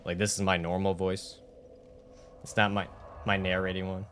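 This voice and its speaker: Rambling low-voiced male streamer. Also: level tone, normal speed, a bit bright, a little hiss or hum. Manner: rambling, many fillers and restarts. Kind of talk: casual chat while gaming.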